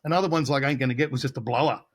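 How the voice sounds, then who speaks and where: A man's voice: mid-range voice, racing. A middle-aged man from Australia, a guitarist telling casual studio anecdotes in an interview, acting out the voices of people he quotes. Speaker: guest guitarist.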